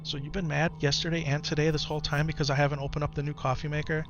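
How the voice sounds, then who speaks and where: A man streaming live who talks softly and coaxingly with his young son, then reads and answers his chat in casual talk. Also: fairly high pitch, level tone, rapid-fire, lo-fi sound. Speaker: streamer and father. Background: game music.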